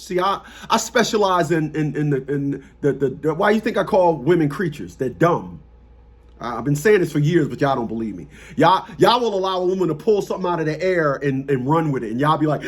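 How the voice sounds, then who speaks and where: A man speaks straight to his viewers in blunt, mocking commentary. His husky voice swings high and low with a lot of expression. He hammers his points home by repeating lines. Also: lively intonation, a little fast. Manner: blunt, mocking, repetitive, street talk. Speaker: family court consultant and host.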